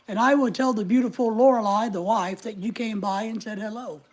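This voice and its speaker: Husky chatty man on a live stream. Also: high voice, fairly even intonation, a little fast, darkish tone. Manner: rambling, chatty, jokey asides; talks straight to viewers by name. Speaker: livestream host reading viewer comments. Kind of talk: casual live-stream chat.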